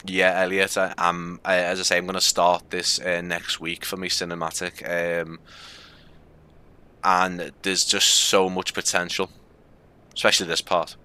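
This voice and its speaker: A man's voice: low voice, flat delivery, unhurried, bright, forceful tone, clean tone. A man with a Scouse accent giving casual, rambling commentary on a live game stream, with frequent fillers.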